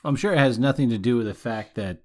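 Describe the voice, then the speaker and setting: A man co-hosting a podcast, talking casually and pausing to search for words. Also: mid-range voice. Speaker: podcast co-host. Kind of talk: casual chat.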